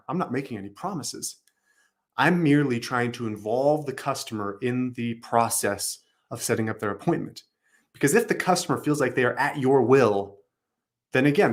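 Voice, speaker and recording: A man coaching customer service staff, upbeat, acting out sample phone phrases as he comments on recorded calls. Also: mid-range voice.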